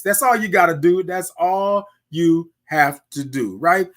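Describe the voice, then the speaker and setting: A man's voice: high voice, a little slow, a bit bright. A man from Houston hosting a casual morning livestream, chatting with viewers and reading their comments aloud. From Houston, Texas. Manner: chatty, tags lines with "right?" and "y'all", reads viewer comments aloud. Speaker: host. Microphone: desk microphone he can move aside.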